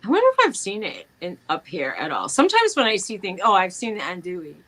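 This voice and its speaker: A middle-aged woman with a New York accent, chatting casually as co-host, animated and laughing often as she tells stories. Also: medium pitch, quick pace, low-quality recording. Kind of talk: casual chat.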